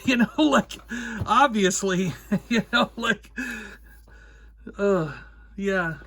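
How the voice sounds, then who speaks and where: A man hosting his own vlog, casually retelling a story in an animated way, acting out the voices of the people he quotes. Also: high-pitched, a little slow. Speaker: host. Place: indoors toy room.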